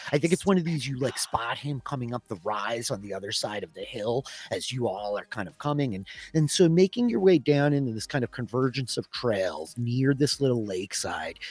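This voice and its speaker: A man narrating as game master in a tabletop game, in a relaxed, rambling way. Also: medium pitch, slightly rough, dry recording. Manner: relaxed, rambling, many "like" fillers.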